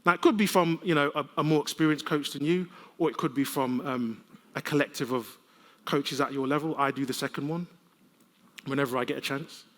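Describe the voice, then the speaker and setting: A man giving a conference keynote, telling lively, conversational stories with humor. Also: on the high side, a little fast. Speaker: keynote speaker. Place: large conference hall. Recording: long reverb of a conference hall.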